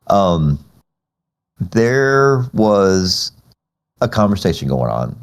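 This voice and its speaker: A man with a very low voice hosts a relaxed podcast conversation. He talks loosely, restarting phrases and laughing as he goes. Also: very slow. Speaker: podcast host. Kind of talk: casual podcast chat.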